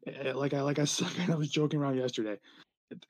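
A young man from New Jersey co-hosting a podcast, talking in a rambling, animated way with lots of fillers and laughter. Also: mid-range voice, quick pace. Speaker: podcast co-host. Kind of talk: casual podcast chat.

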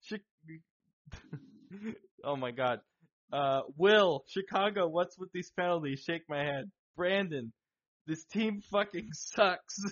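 Podcast co-host, man, excitable and foul-mouthed, higher voice, muffled lo-fi sound. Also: a little slow. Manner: excitable, swears, laughs a lot. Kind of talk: casual chat. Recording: dull lo-fi sound.

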